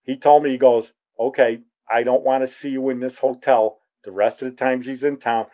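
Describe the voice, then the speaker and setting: A middle-aged man tells a casual story and slips into the voices of the people in it. His pitch sits at an ordinary middle height. The recording is slightly dull and lo-fi. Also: moderate pace. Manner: lively, acts out quoted voices. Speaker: storyteller guest. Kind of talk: casual spoken anecdote.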